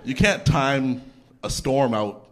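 A young adult man from Canada doing a stand-up comedy set in a theatre, talking conversationally with deadpan punchlines and casual asides. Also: medium pitch, slow pace. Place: theatre stage before a laughing audience. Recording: live theatre set with crowd laughter. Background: audience laughter.

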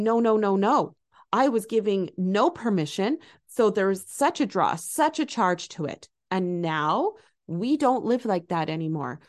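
Middle-aged lady coach on her podcast, soft and encouraging, gets lively. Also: medium pitch. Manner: gentle, encouraging, animated. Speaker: podcast host and eating coach. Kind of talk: casual solo podcast talk.

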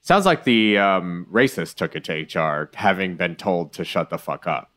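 Low voiced guy cohosting a podcast, super lively pitch, jumps from mumbling to yelling. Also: moderate pace. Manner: animated, swings between mumbling asides and loud outbursts, swears. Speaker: podcast co-host. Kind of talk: casual chat.

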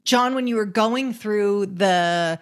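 A woman's voice: medium pitch, takes it slowly. A woman hosting an interview, affirming her guest and asking follow-up questions. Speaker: podcast host.

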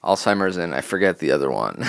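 Lively low-voiced man, podcast co-host. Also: vocal fry, no echo, studio quality. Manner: playful, laughs often, lively teasing. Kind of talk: casual comedic chat.

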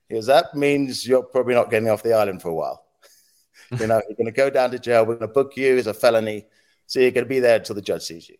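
A former news agency head appears as a podcast guest in a casual storytelling interview, telling animated anecdotes. He talks fast at a medium pitch, acting out quotes and sound effects and laughing often.

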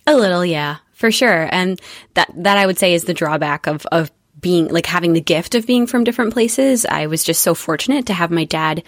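Lively young woman, low voice, dry sound. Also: normal speed, no echo. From born in the UK, raised in Spain and the USA. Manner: animated, laughs often, slips into playful voices for quotes. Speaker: guest. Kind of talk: casual interview chat.

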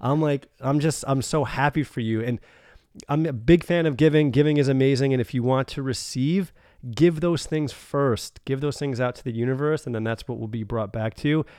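A man's voice: medium pitch, moderate pace, a little mellow, clear, resonant tone, no room sound, clean studio sound. A man hosting a podcast in a casual chat, enthusiastic and affirming, often saying "man" and "like". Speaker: podcast host.

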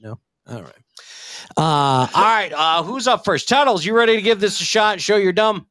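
A man co-hosting a crude comedy podcast, profane and self-mocking, quick to protest the jokes. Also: high voice, lively intonation, fairly bright tone, no room sound, studio quality. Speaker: podcast co-host.

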